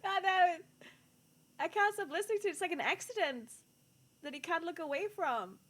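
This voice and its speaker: A woman's voice: very high-pitched, lively intonation, fairly quick, a bit bright. A woman streaming live, chatting casually with her viewers, laughing often and swearing. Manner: laughing helplessly, swearing, talking to chat.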